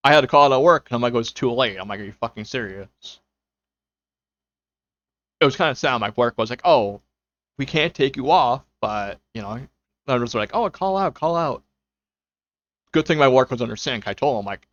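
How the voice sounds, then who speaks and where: A young man streams from home, chatting loosely with his viewers and rambling through plenty of fillers and quoted self-talk. His voice sits in the mid range with a fairly bright tone and no room sound. The dull lo-fi mic carries faint music in the background.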